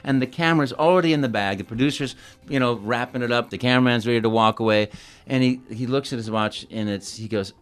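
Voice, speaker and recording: A man's voice: medium pitch, fast talker, hardly any pauses, clean tone. A man, a voice actor being interviewed as a guest, talking in an earnest, enthusiastic way and stammering as he starts. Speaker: video game voice actor, guest. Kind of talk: casual interview chat.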